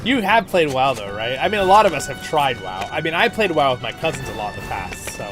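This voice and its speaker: A man's voice: mid-range voice, very animated, quick pace, over music. A man hosting a casual game livestream, chatty and laughing, reading out chat messages, with a stuffed-up nose. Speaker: livestream host.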